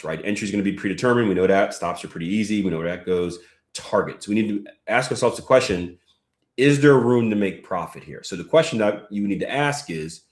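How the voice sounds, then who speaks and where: A man's voice: fairly low pitch, reverberant. A man teaching a live trading lesson in a conversational way, walking through charts and reading viewer comments aloud. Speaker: trading coach.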